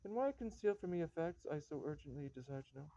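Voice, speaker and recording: A man playing a formal young gentleman who is stern with the servants, in a reading of a stage comedy. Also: on the high side, expressive, quick pace, no echo, natural voice. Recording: dull lo-fi recording.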